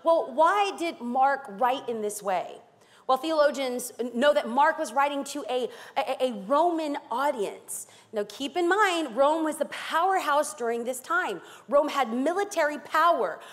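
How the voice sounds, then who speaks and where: A woman's voice: high voice, lively intonation, unhurried. A woman pastor from East Los Angeles preaching a sermon, emphatic and dramatic with playful asides. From East Los Angeles, California. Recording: long hall reverb.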